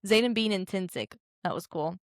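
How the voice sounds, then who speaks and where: A woman co-hosting a podcast, reading reviews aloud in casual chat, animated, laughing often and swearing freely. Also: medium pitch, normal speed, dry recording, clean studio sound. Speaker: podcast co-host.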